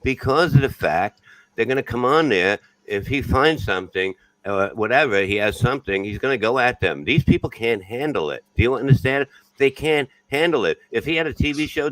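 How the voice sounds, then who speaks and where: Blunt, low-voiced profane comedian. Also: male voice, brisk, a bit bright, dry recording, poor audio. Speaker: comedian guest. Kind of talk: casual podcast chat.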